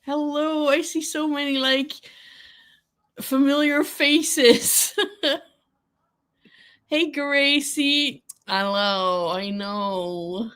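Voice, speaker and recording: A woman's voice: high voice, very slow, long pauses, a bit bright. A woman hosting a casual livestream, chatting with viewers, giggling often and greeting people by name. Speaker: livestream host.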